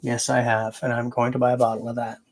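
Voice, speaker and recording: A man's voice: medium pitch, little pitch movement, fast talker. A man hosting a casual livestream, answering viewers and thinking aloud as he rambles. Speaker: livestream host.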